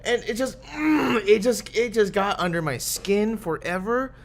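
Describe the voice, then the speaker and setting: Heated, swearing man, slightly high voice. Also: a little slow, gravelly. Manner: heated, profane ranting. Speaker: podcast co-host. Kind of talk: casual chat.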